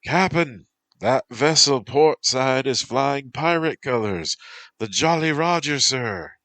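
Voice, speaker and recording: A man voicing an eager young ship's mate calling out loud, high-pitched reports in a storybook reading. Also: animated, takes it slowly, no echo. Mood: alarmed.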